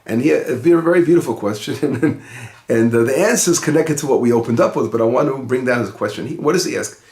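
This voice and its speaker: A man's voice: mid-range voice, fast talker, darkish tone, echoey room. A man, a rabbi, giving an informal lesson on the weekly Torah portion in a conversational way, often restarting and stressing key words. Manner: conversational, with frequent restarts and rising emphasis.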